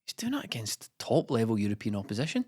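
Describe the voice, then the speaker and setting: A man's voice: lowish voice, slightly rough. A man with a Scottish accent, co-hosting a casual football podcast and telling stories with lots of energy. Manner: fast, animated storyteller who breaks into voices. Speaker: podcast co-host.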